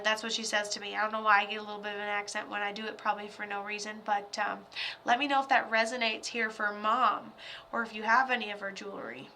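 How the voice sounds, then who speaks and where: A woman's voice: fairly high pitch, steady tone, brisk, sharp tone. A young adult woman psychic medium giving a live reading, chatty and joking with many fillers.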